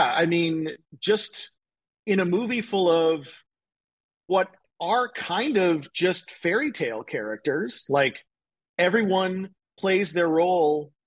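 A man with a somewhat higher, husky voice, chatting as a podcast guest. He rambles enthusiastically, stringing thoughts together with lots of fillers. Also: a bit bright, rough recording. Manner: rambling, enthusiastic, many fillers like "like" and "you know". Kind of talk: casual chat.

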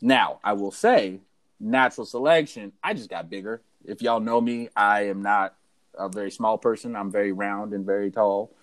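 Animated young man telling a story. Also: fairly low pitch, moderate pace. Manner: animated storyteller who acts out the voices of people in his story. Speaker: podcast co-host. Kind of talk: casual storytelling chat.

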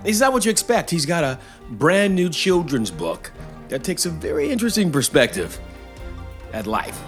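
A man's voice: a little high, big pitch swings, moderate pace, soft background music. A man playing a polite, earnest news anchor in an improvised comedy sketch, who is taken aback by his guest.

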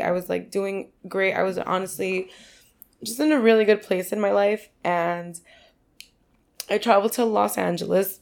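A woman with a New York accent tells a story in a loose, rambling way, swearing freely and leaning on "like." Her voice has a gravelly fry to it, and she sits at a middling pitch. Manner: chatty, lots of "like" and swearing. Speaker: podcast guest. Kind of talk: casual storytelling chat.

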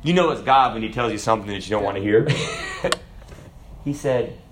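A man preaching a sermon in an animated, emphatic way. He talks conversationally and keeps asking his listeners questions. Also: on the low side, moderate pace, background noise. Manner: animated, emphatic, acts out voices; conversational, asks the audience questions.

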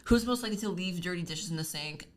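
A young woman co-hosts a podcast in a loose, casual chat. Her voice sits a little low, and she is blunt and swears freely while retelling stories. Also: fast. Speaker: podcast co-host.

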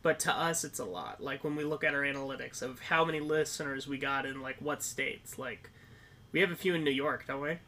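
A man from Minnesota co-hosting a film podcast in casual chat, excitable and laughing often. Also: medium pitch, fairly quick, a little hiss or hum. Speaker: podcast co-host.

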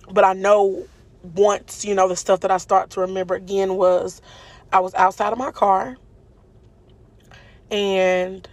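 A woman's voice: medium pitch, no room sound. A woman telling viewers about a frightening experience in a candid, emotional way, with many ums and you-knows. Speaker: storyteller recounting a car crash. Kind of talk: casual testimony to viewers.

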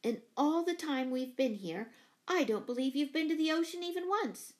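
A woman voicing an excitable young girl in a storybook, lifting her voice higher. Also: moderate pace. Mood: eager.

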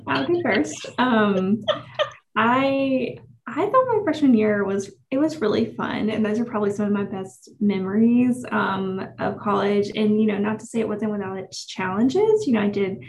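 A woman talks as a guest on a campus interview show, her voice full of creaky fry. She answers in a measured, reflective way, pausing on small fillers. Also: mid-range voice, animated, slight background noise, low-quality recording. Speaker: guest, university staff.

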